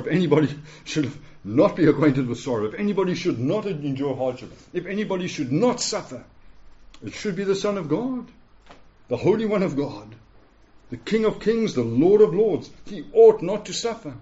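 A man's voice: on the high side, sing-song, normal speed, mellow. A man preaching a sermon in an earnest, pleading way, often asking his listeners "yeah?". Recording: dull lo-fi recording.

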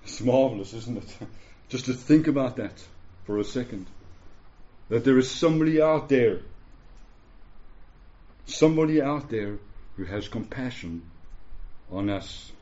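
A man preaching with an earnest, pleading urgency, often pausing to check in with his listeners. His voice is mellow and dark at a middling pitch. The recording sounds dull and lo-fi. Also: animated. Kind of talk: sermon.

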